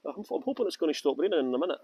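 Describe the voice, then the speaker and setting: A man's voice: on the high side, sing-song, rapid-fire, mellow, husky, dry recording, poor audio. A man giving a live-streamed outdoor walking tour, chatty and jokey. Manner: chatty, jokey, breaks into song and silly voices. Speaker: tour guide. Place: outdoors by a river in the rain.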